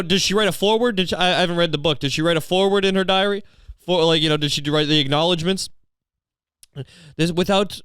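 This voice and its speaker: A man's voice: high-pitched, clear, resonant tone, dry recording, studio quality. Rambling, profane comedian man. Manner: profane, digressive, deadpan storytelling. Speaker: comedian and podcast host.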